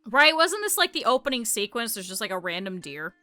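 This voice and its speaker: A woman's voice: fairly high pitch, very animated, fairly quick, sharp tone. A woman streamer chatting casually with her viewers, swearing a lot and laughing often. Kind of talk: casual live-stream chat. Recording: faint music behind. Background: faint background music.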